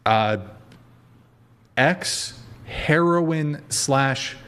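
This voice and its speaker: A man's voice: a little high, drawn-out words, a bit bright, clean tone. A man hosting a podcast chat, blunt and profane, teasing his guest. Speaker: podcast host.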